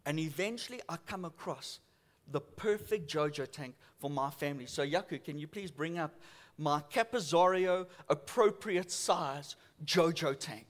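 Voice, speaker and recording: A South African pastor preaches in church at normal speed, his voice a little high. He tells stories in an animated way, acting out different voices.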